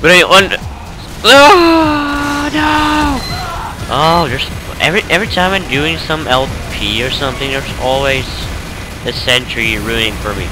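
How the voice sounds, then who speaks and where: Tired guy rambling over gameplay. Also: medium pitch. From Norway. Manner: rambling, self-correcting, chuckling. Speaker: let's play gamer. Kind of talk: casual gameplay commentary.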